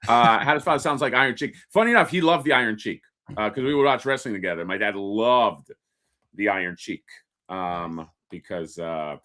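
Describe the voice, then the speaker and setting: A man co-hosting a toy-collector podcast, talking in a halting, rambling way with many fillers. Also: on the low side, sharp tone. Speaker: podcast co-host. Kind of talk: casual chat.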